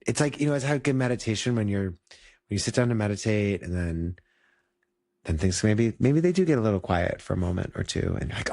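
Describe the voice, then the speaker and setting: A man's voice: medium pitch, a little mellow, no room sound, studio quality. A man who teaches yoga, chatting casually and reflectively, full of "like" fillers and restarts. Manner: rambling, many "like" fillers and restarts. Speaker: yoga teacher and podcast co-host.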